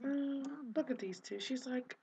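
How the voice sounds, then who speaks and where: A woman's voice: high voice, a little slow, dark tone, muffled recording, slight background noise. A young woman casually commenting on her life-sim game, chatty and easily exasperated, with lots of fillers. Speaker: gaming vlogger.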